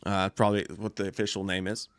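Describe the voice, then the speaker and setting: A man co-hosting a casual movie-trailer chat, animated and profane, laughing often. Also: deep voice, quick pace, clean tone, no room sound. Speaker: co-host.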